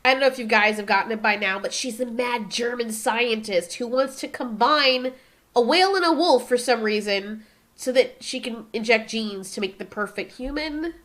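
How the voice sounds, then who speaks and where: A woman's voice: on the high side, moderate pace, a bit bright, faint music behind. A woman hosting a comedic movie review, talking in a sarcastic, exasperated way. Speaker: movie reviewer and channel host.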